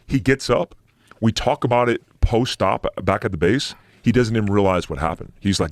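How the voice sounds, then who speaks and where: A man's voice: on the low side, normal speed, no room sound. A middle-aged man, a military veteran and podcast guest, telling war stories in a blunt, profane, casual way, sometimes making sound-effect noises. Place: podcast studio.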